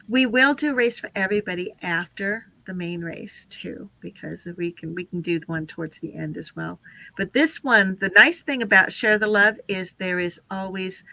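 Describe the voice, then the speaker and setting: A woman's voice: medium pitch, bright, forceful tone, dry recording. A woman hosting a casual live stream, chatting with guests and running through lists of names. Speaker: livestream host.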